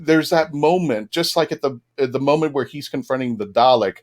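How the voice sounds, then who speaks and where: A man chatting on a podcast panel, excitable, laughing often and stumbling over his words. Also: medium pitch, fairly quick. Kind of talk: casual chat.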